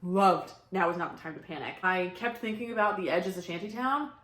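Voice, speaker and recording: A young woman giving casual, blunt book reviews in a vlog, upbeat with quick asides. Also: on the low side, a bit bright. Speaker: book vlogger. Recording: echoey room.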